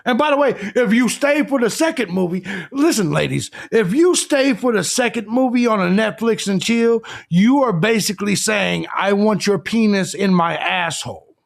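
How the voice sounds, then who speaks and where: A combative man hosting a live stream, crudely lecturing his audience. His voice sits very high and swings widely in pitch. A gravelly fry runs under his words. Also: animated, normal speed, hardly any pauses. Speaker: live show host.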